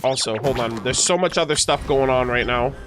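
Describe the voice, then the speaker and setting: A man streaming a game, reacting and joking excitedly with his chat as he plays. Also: mid-range voice, a little fast, a little hiss or hum. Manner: excitable, jokey, talks to chat. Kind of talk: casual gameplay reaction commentary. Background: faint game music.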